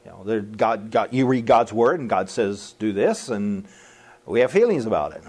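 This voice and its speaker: A middle-aged man preaches in a folksy, conversational way, chuckling at his own remarks and putting on quick voices for quoted people. His husky voice swoops up and down with lively pitch. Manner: folksy and animated, laughing at his own lines and acting out quotes. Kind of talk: sermon to a live audience.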